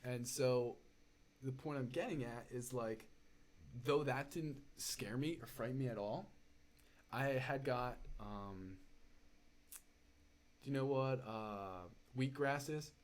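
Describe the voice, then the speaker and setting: Animated young man telling a story. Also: mid-range voice. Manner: animated, fast-building storyteller with lots of fillers and "dude". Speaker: podcast guest. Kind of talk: casual storytelling chat.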